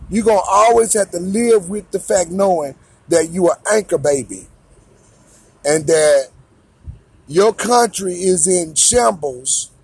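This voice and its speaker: A man's voice: high voice, gravelly, slightly rough, no echo. An American man and father delivering a heated, repetitive, confrontational rant straight to camera. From United States. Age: adult father of a young son. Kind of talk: ranting monologue to camera.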